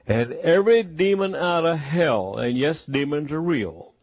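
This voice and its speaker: Male preacher, sermon, emphatic and repetitive, slightly high voice, husky. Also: lively intonation, a little slow, no room sound.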